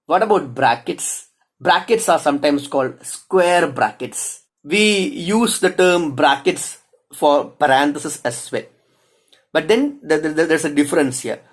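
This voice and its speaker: A man with a slightly high voice gives a lesson on punctuation. He reads example sentences aloud and calls out each mark as he goes. Now and then he stumbles and restarts a word. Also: husky, poor audio. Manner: halting, with small restarts. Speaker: teacher. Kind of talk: explanatory lecture.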